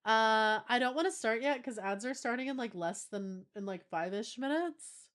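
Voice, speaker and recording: A woman's voice: on the high side, animated, moderate pace, a bit bright. A young woman livestreamer chatting casually and playfully with her audience, reading their messages aloud with giggly asides. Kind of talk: casual chat with a live stream audience.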